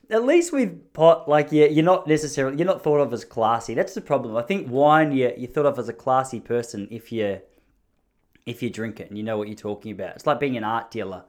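A young Australian man with a slightly mellow voice rambles on in a casual monologue, swearing and laughing easily. His pitch jumps whenever something amuses him.

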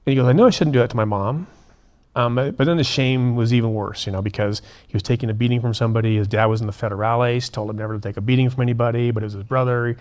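A man, a prison minister and guest, telling a story in an earnest, animated way and acting out the dialogue. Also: mid-range voice, very fast, hardly any pauses. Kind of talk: conversational storytelling.

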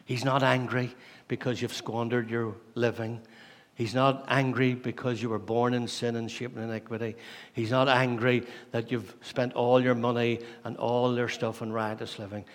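A man preaching a sermon, asking many questions and dropping from loud to hushed. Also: mid-range voice, little pitch movement, moderate pace. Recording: long hall reverb.

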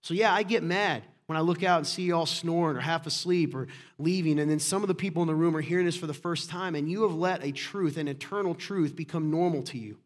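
A man's voice: fairly high pitch, fast, few pauses. Passionate man preaching a sermon. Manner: passionate, emphatic preaching with sudden loud bursts. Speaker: pastor.

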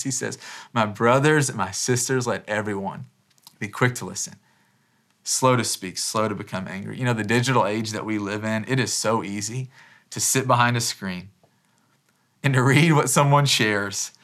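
A thirtysomething pastor with a mid-range, fairly bright voice gives a conversational, relaxed sermon at church. He often restarts phrases and slips in "man" as an aside.

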